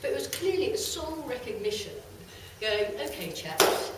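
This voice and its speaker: Middle-aged woman speaker, expressive storyteller, heard from a distance in a very echoey hall. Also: fairly high pitch, moderate pace, very noisy. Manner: lively, animated storytelling with bursts of laughter. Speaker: channeler giving a talk. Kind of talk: storytelling talk to a live audience.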